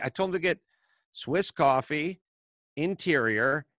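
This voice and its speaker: Slightly high-voiced and unhurried, a middle-aged man hosts a podcast of casual comedic storytelling, animatedly voicing the people in his anecdotes. The sound is studio quality with no room sound.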